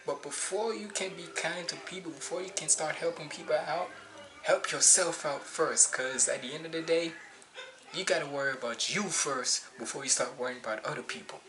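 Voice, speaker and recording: A man's voice: fairly high pitch, moderate pace, rough recording. A man hosting a music reaction video, talking casually and preachily, repeating his points for emphasis. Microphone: cheap basic mic.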